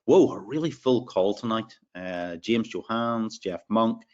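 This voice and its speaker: A man's voice: on the low side, unhurried, darkish tone, lo-fi sound. A man with an Irish accent hosting a live sales webinar, upbeat as he reads out attendees' names. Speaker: webinar host.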